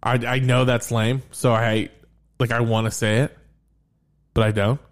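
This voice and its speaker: A man's voice: mid-range voice, level tone, measured pace. A man in his thirties co-hosting a casual podcast, telling jokey stories, swearing loosely and laughing often. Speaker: podcast co-host. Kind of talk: casual chat.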